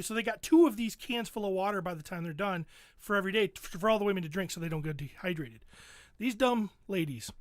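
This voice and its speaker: A man's voice: sits high, fairly bright tone, no echo, clean studio sound. A man hosting a podcast, animatedly retelling a show in casual, profane chat. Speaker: podcast host.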